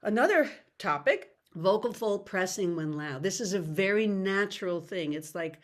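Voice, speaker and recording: A woman's voice: mid-range voice, animated, normal speed. A middle-aged woman voice coach giving an upbeat, explanatory online workshop lecture over a video call. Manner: upbeat, explanatory, breaks into sung demonstrations.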